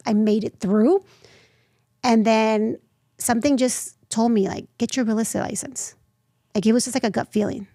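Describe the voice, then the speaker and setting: A woman in her thirties, a nonprofit founder telling her story as an interview guest, lively and acting out the voices she quotes. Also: medium pitch, dry recording, clean studio sound. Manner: animated, acts out quoted voices.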